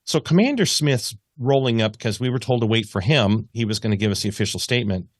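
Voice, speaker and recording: A man's voice: medium pitch, fast, no room sound, studio quality. A man, a radio news reporter, telling a long story as a podcast guest and acting out the voices in it. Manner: animated, acts out quoted voices. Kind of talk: conversational storytelling.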